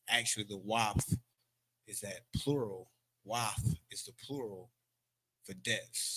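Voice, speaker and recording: A man runs a language class in an unhurried, drawn-out delivery. His voice sits low, and his explanations come casually, with fillers and repeated words as he points things out on a board. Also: a bit bright. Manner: slow, drawn-out, loose and conversational with fillers. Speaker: Hebrew language teacher. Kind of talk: teaching from a board, casual lecture. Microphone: streaming setup.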